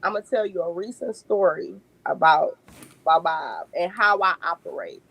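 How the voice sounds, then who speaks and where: A woman, a podcast guest telling lively family stories and laughing often. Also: lowish voice, normal speed, vocal fry, breathy edge, highs cut off. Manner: animated storyteller, laughs often. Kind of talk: casual podcast chat.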